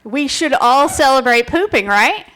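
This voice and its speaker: High-voiced woman doing crude comic talk. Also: measured pace. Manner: playful, crude and excitable, chats with the crowd. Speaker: presenter at a live bar show. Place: bar stage with live audience.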